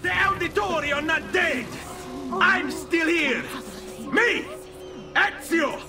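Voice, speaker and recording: Brief: a defiant young male game hero, shouting, slow delivery, heard from afar over game music. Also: very high voice, exaggerated voice. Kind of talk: video game cutscene acting. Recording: distant game audio with music score.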